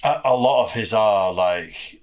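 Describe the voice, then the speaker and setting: A man hosting a reaction video, chatting in a relaxed, offhand way. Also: fairly low pitch, a little slow. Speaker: reaction channel host. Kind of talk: casual reaction chat.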